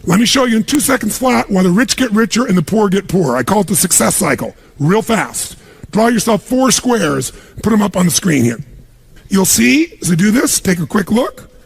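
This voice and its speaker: A man's voice: sits high, expressive, normal speed, vocal fry, breathy edge. A man giving an emphatic motivational seminar talk to a live audience in a large room, pushing them with repeated commands. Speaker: motivational speaker.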